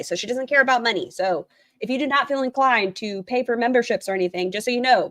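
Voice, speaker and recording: A woman's voice: a little high, a little fast, pushed and bright, dry recording. A woman hosting a livestream, reading out a written statement and viewers' chat messages and commenting on them bluntly, swearing casually. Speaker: livestream host.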